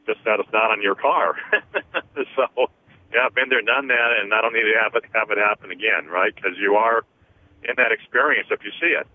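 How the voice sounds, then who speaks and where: A man hosting a call-in radio show, slowly counting through energy clearings and explaining them with many fillers. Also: on the low side. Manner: slow, deliberate counting with frequent fillers. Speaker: host, energy healer. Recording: tinny phone-line radio sound.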